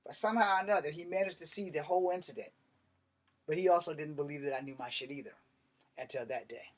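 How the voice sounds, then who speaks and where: A man with a slightly higher voice recounting a story from his past. He talks bluntly and swears freely, with animated emphasis. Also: fast. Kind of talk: casual storytelling monologue.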